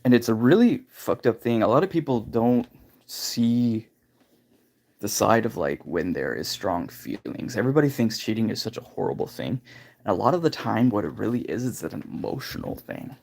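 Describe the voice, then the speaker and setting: A man's voice: fairly low pitch, very animated, moderate pace, vocal fry, darkish tone. A man hosting a livestream, candidly telling a personal story in a casual, rambling way full of filler phrases. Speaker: livestream host.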